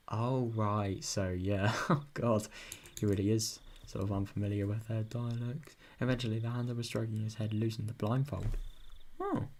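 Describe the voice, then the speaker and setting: A man's voice: on the low side, a little mellow, a little hiss or hum. A young British man reading a visual novel aloud, breaking off to chat and swear about the story. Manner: chatty, swears often, reacts with sudden bursts. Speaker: video novel reader.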